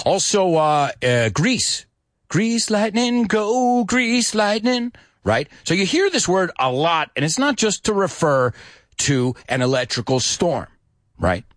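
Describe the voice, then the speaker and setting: A middle-aged man, teaching English in a lively bilingual lesson that mixes English and Spanish. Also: medium pitch, no echo, studio quality. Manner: animated, switches between English and Spanish, sings lyric snippets.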